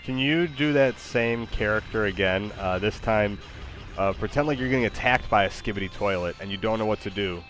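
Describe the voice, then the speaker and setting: Laid-back man with a lowish voice. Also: brisk, a bit bright, soft background music. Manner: laid-back, hesitant with fillers, amused. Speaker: user prompting an AI. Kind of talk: casual chat.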